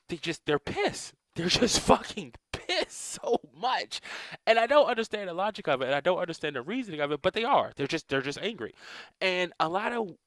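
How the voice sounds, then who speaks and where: A man's voice: fairly high pitch, a bit bright, no echo, poor audio. Blunt, profane man ranting, dry sound. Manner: profane, blunt, repetitive, with frequent hedging restarts and "um"s. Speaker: vlogger. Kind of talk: casual ranting monologue.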